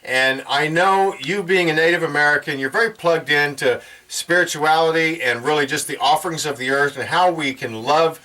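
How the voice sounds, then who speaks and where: A man's voice: on the high side, normal speed, few pauses, sharp tone, rough recording. A man hosting a radio talk show, welcoming a caller and joking with her, laughing easily. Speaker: radio host.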